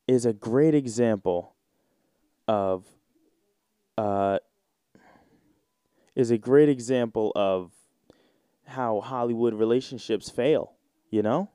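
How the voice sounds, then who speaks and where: A young man in his twenties hosts his own podcast and talks loosely in slang, with a mellow, warm tone. His voice sits dry and close, with no room around it. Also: medium pitch, clear, resonant tone, dry recording. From United States. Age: 20s. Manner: rambling, joking, slangy and irreverent. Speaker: podcast host. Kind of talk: casual solo podcast chat.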